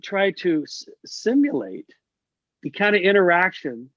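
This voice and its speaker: A man's voice: sits high, unhurried, dry recording. A middle-aged man, a guest musician, telling stories in a casual interview over a video call, acting out the people he quotes. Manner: animated storyteller, acts out quoted voices. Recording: dull lo-fi video call audio.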